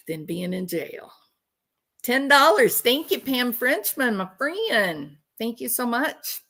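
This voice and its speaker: A woman's voice: a little high, sing-song, slow pace, bright, forceful tone. A woman hosting a true crime livestream, talking casually and animatedly, laughing and mocking people with impressions.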